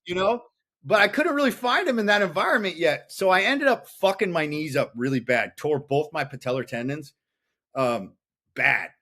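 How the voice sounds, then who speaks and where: A man's voice: a little high, lively intonation, normal speed, pushed and bright. A man in his thirties, a podcast guest, telling his story in a blunt, profane, intense way. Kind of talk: casual interview chat.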